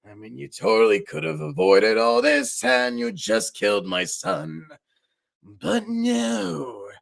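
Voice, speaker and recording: A loud, menacing knife character belts out slow, drawn-out sung lines in a high, strained voice with a gravelly edge, as a man puts him on during a livestream. The pitch jumps around wildly. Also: huge pitch swings, heavily acted. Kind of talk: livestream voice-request singing.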